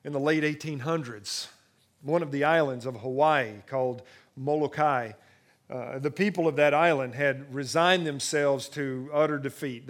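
A man preaching a sermon, swinging from hushed, intimate moments to rising excitement, often repeating and restarting phrases. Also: mid-range voice, moderate pace. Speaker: pastor.

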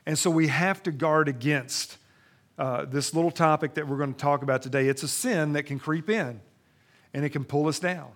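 A man preaching a sermon as pastor, moving from soft, low asides to loud, lively scripture reading. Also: normal speed.

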